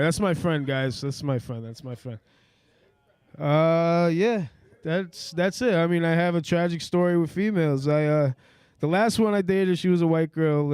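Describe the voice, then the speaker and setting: Brief: man, mumbly stand-up comic, dry close sound, slightly high voice. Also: darkish tone, smooth, no echo. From Puerto Rico. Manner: mumbling, rambling delivery. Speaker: comedian at an open mic. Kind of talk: stand-up set.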